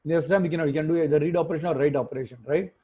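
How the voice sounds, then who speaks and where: This instructor's voice sits fairly high and stays steady in tone, though he races through his words. He explains an online lesson one step at a time, frequently adding tag questions, over muffled, phone-quality audio.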